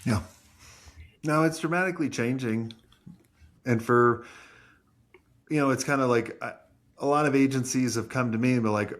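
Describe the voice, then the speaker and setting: A man's voice: medium pitch, moderate pace, pauses often. A man who owns an agency, talking bluntly and emphatically in a casual podcast conversation and swearing freely. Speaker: agency owner.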